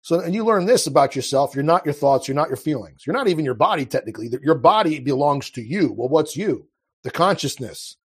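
Male guest, fairly high husky voice, impassioned and earnest, casual talk with frequent restarts. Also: animated, fairly quick. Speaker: podcast guest. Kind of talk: casual conversational monologue.

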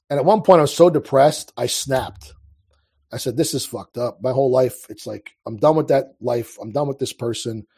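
A man's voice: mid-range voice, darkish tone, slightly rough. A man in his thirties telling his life story as an interview guest, in a casual, rambling way full of restarts. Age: 30s. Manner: rambling, restarts, frequent fillers.

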